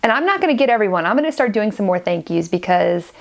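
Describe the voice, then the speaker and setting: A woman's voice: medium pitch, very animated, quick pace, gravelly. Chatty forty-something woman knitting podcaster. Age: 40s. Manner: chatty, gushing, rambling with many restarts. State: stuffy and sniffly. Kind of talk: casual chat to camera.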